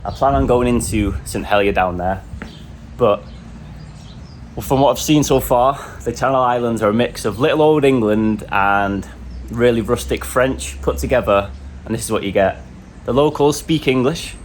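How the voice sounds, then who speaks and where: A man narrating a travel vlog and talking to camera while hiking outdoors, in a relaxed, chatty and enthusiastic way. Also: medium pitch, normal speed, slight background noise. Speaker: hiking vlogger. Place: outdoors on a coastal hike.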